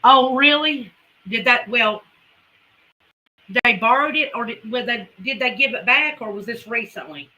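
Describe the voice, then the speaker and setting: Very bright-voiced Southern woman chatting. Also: fairly high pitch, animated, moderate pace, rough recording. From Carolinas, US. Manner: folksy and chatty, addresses viewers as y'all. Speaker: homesteading livestream host. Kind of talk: casual livestream chat with viewers.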